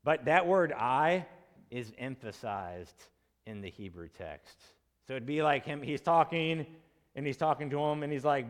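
Male preacher, casual teaching sermon, mid-pitched voice, long hall reverb. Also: animated, measured pace. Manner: conversational, asks the congregation questions, acts out quotes in casual voices. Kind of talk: expository sermon.

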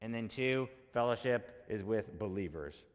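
A man's voice: fairly low pitch, lively intonation, measured pace, in a large hall. A male pastor preaching a sermon, teaching in a conversational way and using many repeated rhetorical questions.

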